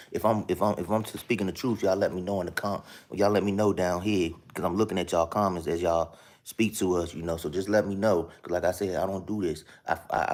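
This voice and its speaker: A man's voice: sits low, darkish tone. A man giving a casual spiritual talk to a live-stream audience, earnest and repetitive, often asking listeners to follow along. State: talking softly at times so his sleeping kids stay asleep. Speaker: live-stream host sharing a spiritual message.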